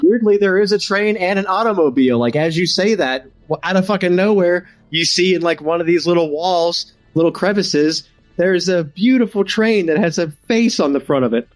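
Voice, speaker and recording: A man's voice: high voice, normal speed, no echo, faint music behind. A man narrating as game master of a tabletop role-playing game, casual and laughing often.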